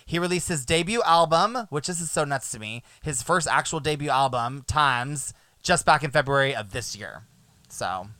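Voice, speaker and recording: A man hosting a music podcast, chatting casually in a playful, animated way that often trails off quietly. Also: a little high, moderate pace, no echo. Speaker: podcast host.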